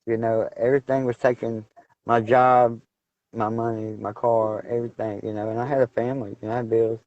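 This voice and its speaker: A man telling his personal testimony in a casual, halting way, full of fillers and restarts. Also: medium pitch, level tone, a little mellow, no room sound, lo-fi sound. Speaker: guest sharing testimony.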